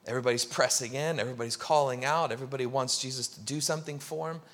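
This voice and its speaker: A male pastor preaching a sermon, telling a story with lively acted-out crowd voices. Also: medium pitch, rapid-fire.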